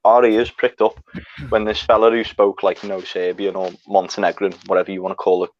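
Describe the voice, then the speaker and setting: A young man, a storyteller guest, rambles through a sweary travel anecdote in casual chat, laughing at his own story. His low, darkish voice is level in tone and fairly quick, captured on a dry, slightly dull mic.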